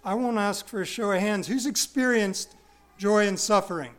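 A man preaching an expository sermon, stressing key words by repeating them and dropping into quiet, self-deprecating asides. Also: high voice, moderate pace. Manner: wide swings from loud stresses to quiet asides.

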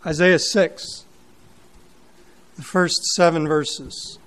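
A man's voice: fairly high pitch, steady tone, drawn-out words, fairly bright tone. A man preaching a sermon, emphatic and questioning, repeating words for weight.

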